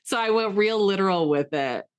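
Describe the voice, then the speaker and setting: A young adult woman co-hosting a podcast in casual chat, animated and quoting herself in jumpy voices. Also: moderate pace, smooth. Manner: animated, acts out quotes with big pitch jumps. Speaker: podcast co-host.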